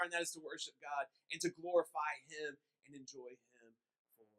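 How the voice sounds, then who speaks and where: A man with a high voice preaches a conversational sermon in church. He talks informally, cracks small jokes and often restarts his sentences. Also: steady tone, a little fast, bright, forceful tone, rough recording. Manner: informal and joking, with repeated restarts. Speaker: pastor.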